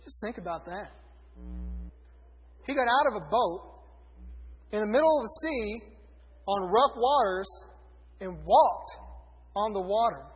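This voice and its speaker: A man's voice: high-pitched, animated, measured pace, long pauses, breathy edge. A man preaching a sermon to a congregation, reading scripture aloud and correcting himself as he goes. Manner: conversational, self-correcting, reads scripture aloud. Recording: dull lo-fi recording in a reverberant hall.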